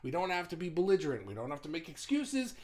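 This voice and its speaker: Animated, blunt middle-aged man. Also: a little high, quick pace. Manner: animated, blunt, swears casually; frequent restarts and stumbles. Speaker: business owner. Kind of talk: casual motivational talk.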